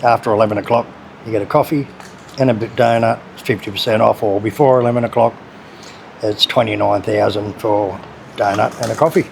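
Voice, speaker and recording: A man's voice: on the low side, fairly quick, vocal fry. Laid-back Australian man in a noisy cafe. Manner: relaxed, chatty, laid-back. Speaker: food vlogger. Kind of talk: casual vlog narration. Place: busy local cafe.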